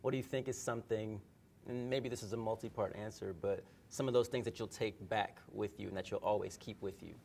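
A man's voice: lowish voice, steady tone, fairly quick, creaky, darkish tone, a little hiss or hum. A man hosting a podcast from a studio, upbeat and enthusiastic as he interviews a guest. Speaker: podcast host.

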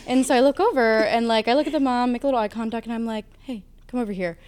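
Young woman, theme park custodian, smooth clear voice, upbeat anecdotes. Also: on the high side, rapid-fire, darkish tone. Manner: upbeat storytelling. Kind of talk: casual interview chat.

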